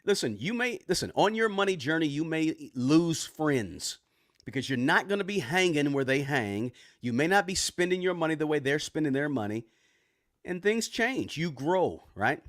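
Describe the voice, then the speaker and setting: A man hosting a personal finance live stream, casually reading viewer comments and shouting out where they tune in from, in a relaxed, conversational way. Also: on the high side, normal speed, no room sound, clean studio sound. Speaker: personal finance livestream host. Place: home room with record player and bookshelves.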